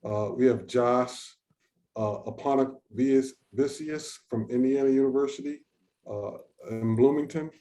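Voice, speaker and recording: A man with a dark, mid-range voice moderates an online research session over video call, speaking at a measured pace. His manner is informal and chatty, and he thinks aloud while talking.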